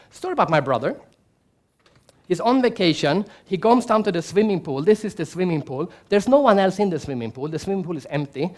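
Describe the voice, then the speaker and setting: A man with a fairly high voice gives a keynote speech in a large conference hall. He tells stories with energy, puts questions to the audience and acts out what people said. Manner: animated storyteller, asks the audience questions, acts out quotes. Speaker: keynote speaker.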